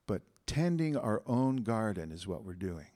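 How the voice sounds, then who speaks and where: A man giving a spiritual talk as a guest speaker, leading the group in repeated affirmations said slowly and with emphasis. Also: on the low side, very animated, warm tone.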